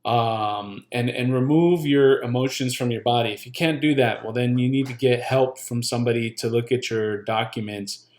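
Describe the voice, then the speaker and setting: Man, mid pitch, casual, blunt, joking, swears, repeats points. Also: moderate pace, hardly any pauses, a little mellow. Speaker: channel host giving legal pointers. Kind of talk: casual explainer with commentary.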